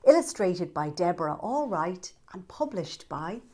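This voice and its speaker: Lively woman reading to children. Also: lowish voice, measured pace. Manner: lively, asks the listener questions. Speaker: children's storyteller. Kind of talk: reading a picture book aloud to children.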